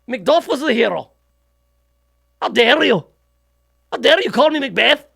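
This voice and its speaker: A man's voice: very high-pitched, animated, unhurried, creaky, bright, forceful tone, husky, voice pushed up, full character voice. A man voicing an indignant Scottish man in an exaggerated cartoon brogue. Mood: outraged. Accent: put-on Scottish.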